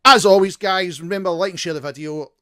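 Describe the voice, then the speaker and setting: A man's voice: high-pitched, a little fast. A young Scottish man hosting a podcast, laughing and swearing through a casual sign-off. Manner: sweary, laughing, lively banter. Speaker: podcast host.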